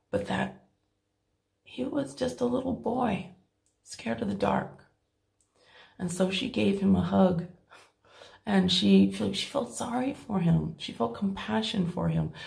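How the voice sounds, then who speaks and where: Gravelly-voiced woman telling a story. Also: on the low side. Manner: animated retelling, uses "like" often, acts out quotes. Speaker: hypnosis coach telling a client story. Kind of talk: casual storytelling chat.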